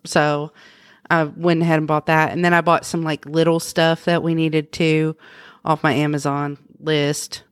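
A woman co-host in casual chat, chatty and quick to laugh. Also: low-pitched, flat delivery, clear, resonant tone, dry recording, clean studio sound.

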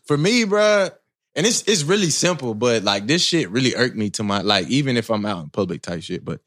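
Animated male co-host, bright lively tone, dry studio sound, jokey. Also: medium pitch, fairly quick, no room sound. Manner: animated, joking, repeats himself. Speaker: podcast co-host. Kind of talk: casual chat.

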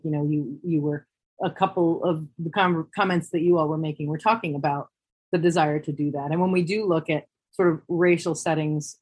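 A woman with a lower, slightly husky voice speaks on a podcast panel. She talks in a candid, reflective way and works through her ideas aloud. She often pauses and restarts her sentences. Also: low-quality recording. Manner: thoughtful and candid, pausing and restarting mid-thought.

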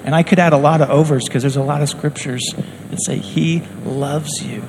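A man's voice: on the high side, steady tone, normal speed, noisy background. A man preaching a sermon in an earnest, conversational way, acting out quotes as he goes.

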